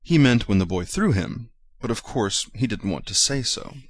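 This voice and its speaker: A man reading a children's storybook aloud in a gentle, measured way. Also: medium pitch, expressive.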